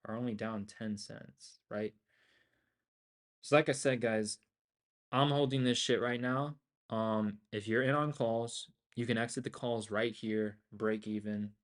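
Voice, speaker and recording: Profane ranting man streaming trades. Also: lowish voice. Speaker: livestream options trader. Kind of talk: profane ranting commentary on a trading livestream.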